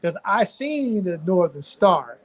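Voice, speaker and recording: Older Southern man with a Louisiana accent, folksy preachy doctor, high for a man. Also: sing-song, takes it slowly. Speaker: physician guest. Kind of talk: live-stream discussion.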